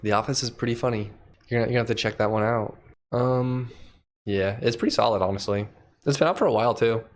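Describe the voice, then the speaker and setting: A man livestreaming as a programmer, thinking aloud in a loose, relaxed way and chatting with viewers. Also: mid-range voice, quick pace. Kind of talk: casual livestream chat while coding.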